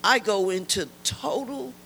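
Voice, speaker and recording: A woman's voice: medium pitch, measured pace, gravelly, a bit bright, a little hiss or hum, poor audio. Emphatic older woman giving church testimony. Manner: emphatic, repeats key lines, exhorts listeners.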